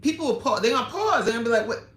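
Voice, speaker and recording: A woman's voice: on the high side, sing-song, racing, a bit bright. A woman coach hosting a casual live chat, answering viewer comments in an emphatic, candid way. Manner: emphatic and candid, with frequent laughs. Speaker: fitness coach hosting a livestream. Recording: echoey room with faint ambience.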